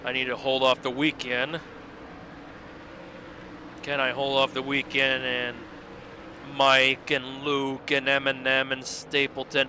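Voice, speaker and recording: A man giving chatty, rambling livestream commentary on his own racing game mod, with bursts of excited cheering. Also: medium pitch, slow pace, long pauses, slight background noise. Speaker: game modder and streamer.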